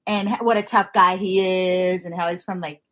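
A woman's voice: mid-range voice, fairly even intonation, a little fast, a bit bright. A woman interviewing an author in a casual, rambling way, laughing often and gushing about the book. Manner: giggly, rambling, enthusiastic.

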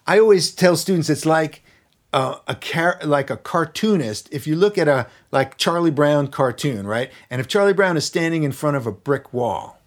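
Man, podcast guest, violin teacher, thoughtful, searching for words, slightly higher voice. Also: animated, normal speed. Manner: thoughtful, searching for words, sings rhythms aloud. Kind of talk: explaining technique in a podcast interview.

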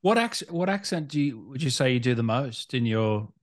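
Jokey Australian man hosting an interview. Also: medium pitch. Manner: relaxed, jokey, quick to laugh. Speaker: interview host. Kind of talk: casual interview chat.

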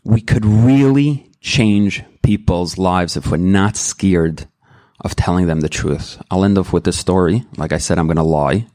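A middle-aged man shares his personal testimony at a recovery meeting, speaking in a deep, low voice. He is candid and emotional, circling back and restarting his sentences as he goes. The recording is dry and close, with no room echo. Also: unhurried, dark tone. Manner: earnest and rambling, with many restarts. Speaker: member sharing at a recovery meeting.

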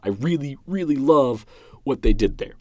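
A man's voice: medium pitch, expressive, normal speed, warm tone, no room sound. A young man hosting his own show, talking through a film review in an eager, emotional, rambling way with lots of restarts. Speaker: podcast host reviewing a film. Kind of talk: casual solo review.

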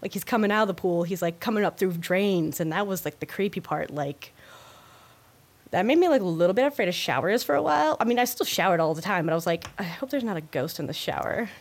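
A woman's voice: fairly low pitch, fast. Rambling, chatty woman podcast host. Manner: rambling, animated storytelling with many fillers. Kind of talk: casual chat.

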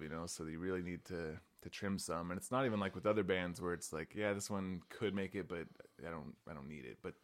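A man with a low, deep voice co-hosts a music podcast. He talks in a relaxed, casual way and often lets his sentences trail off quietly. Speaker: podcast co-host. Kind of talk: casual chat.

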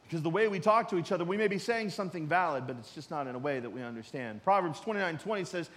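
High-voiced preacher man in a reverberant hall. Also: expressive, fast talker, few pauses. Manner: conversational preaching, swinging from loud emphasis to quiet asides. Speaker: pastor. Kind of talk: sermon.

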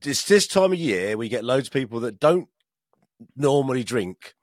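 A man's voice: medium pitch, sing-song, moderate pace, no echo, clean studio sound. A British man co-hosting a podcast, rambling casually and laughing often. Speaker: podcast co-host. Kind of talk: casual chat.

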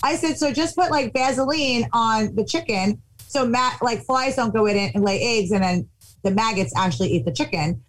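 A woman's voice: a little high, moderate pace, low-quality recording. A woman telling a funny anecdote in casual chat, acting out the voices of the people in it. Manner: animated, acts out quotes.

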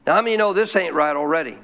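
High gravelly folksy preacher man. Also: fast. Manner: folksy, animated, clears throat often. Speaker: pastor. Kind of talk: storytelling sermon.

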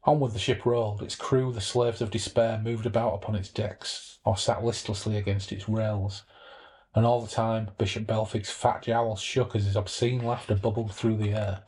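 A man, hosting a podcast and summarizing a novel in relaxed, chatty talk, with passages read aloud. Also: fairly low pitch, normal speed, husky. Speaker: podcast host.

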